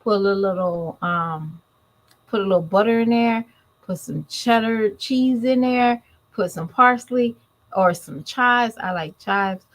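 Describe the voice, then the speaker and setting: A woman's voice: medium pitch, slow pace, low-quality recording. A woman, giving blunt, scolding commentary straight to her viewers in a casual vlog. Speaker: commentary vlogger.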